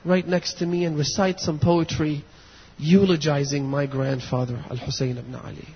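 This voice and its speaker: A male preacher delivering a sermon, moving between hushed storytelling and impassioned near-shouting, with a husky voice. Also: fairly high pitch, level tone, moderate pace. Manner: impassioned, builds to near shouts and weeping intensity. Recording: dull lo-fi audio in a long-reverb hall.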